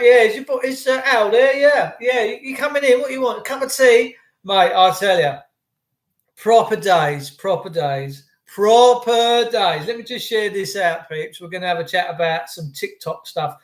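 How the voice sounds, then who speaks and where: Chatty man with a high voice. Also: roomy sound. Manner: chatty, rambling banter with viewers. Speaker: livestream host. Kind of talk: casual livestream chat.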